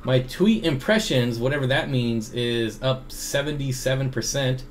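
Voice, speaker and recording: A man's voice: mid-range voice, normal speed, a little hiss or hum. A man hosting a casual livestream Q&A from home, rambling with many fillers as he reads and answers chat at his computer through a desk microphone.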